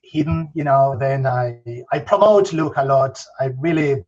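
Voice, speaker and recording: Husky, eager man on a muffled line. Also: mid-range voice, a little slow, a little mellow. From Spain. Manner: eager and emphatic, repeating himself for stress. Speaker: interview guest. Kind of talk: casual interview chat.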